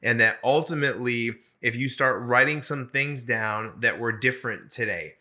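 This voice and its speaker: A man co-hosting a casual podcast chat, talking in an animated, rambling way with frequent restarts. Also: medium pitch, moderate pace. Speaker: podcast co-host.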